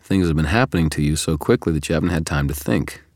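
Audiobook: knowing male double, wry and coaxing, very deep, dry, as a man reads him. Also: fast talker, darkish tone, no echo. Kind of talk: audiobook character reading.

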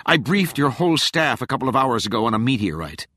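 A man's voice: fairly high pitch, normal speed, a bit bright, no echo, studio quality, voice pushed up. A man doing a frantic young woman agent. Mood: urgent. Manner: breathless, pleading and insistent. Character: frantic young woman intelligence officer, urgent.

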